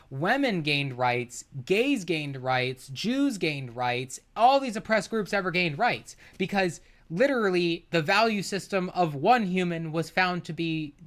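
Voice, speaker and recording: A man's voice: sits high, a bit bright. A man streaming and reacting to a debate clip, arguing back in a profane, exasperated way and laughing at times. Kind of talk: heated livestream commentary.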